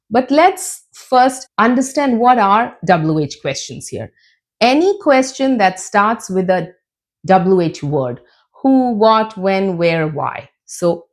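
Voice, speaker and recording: A woman teaching an English lesson, explaining slowly and demonstrating sentences with exaggerated rises and falls in pitch. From Canada. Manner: slow, deliberate explaining. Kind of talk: scripted lesson.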